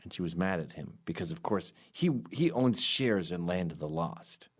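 Here's a sarcastic, rambling comic monologue at an ordinary pace, full of deadpan asides, with the comedian switching to loud, high voices for anyone he quotes.

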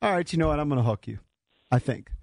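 A man's voice: a little high, expressive, fast, vocal fry, a little mellow, no echo. A man co-hosting a sports radio show, asking quiz questions with wry joking asides. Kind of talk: casual sports radio banter.

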